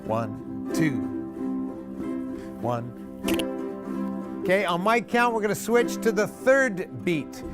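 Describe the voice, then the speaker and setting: A man's voice: a little high, very animated, takes it slowly, pauses often, over loud music. A man teaching a group ukulele class, counting beats aloud, calling chords and quizzing the students. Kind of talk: group music lesson. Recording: loud ukulele strumming behind.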